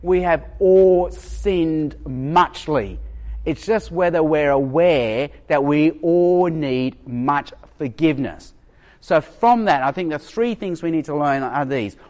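A man preaching a sermon, animated and acting out quoted voices. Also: on the high side, measured pace.

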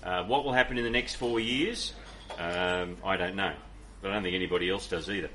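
A man's voice: sits low, brisk, fairly bright tone, slight background noise. A man from Ireland preaching a sermon and answering audience questions in an earnest, conversational way, with many fillers and restarts. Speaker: pastor.

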